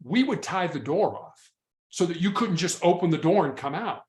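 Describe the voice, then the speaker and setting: Man, ex-SWAT negotiator, storytelling, repeats and restarts words, slightly high voice, roomy echo. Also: expressive, moderate pace, darkish tone. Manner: frequent repetitions and restarts. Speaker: former SWAT hostage negotiator. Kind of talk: conversational interview storytelling. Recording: echoey room.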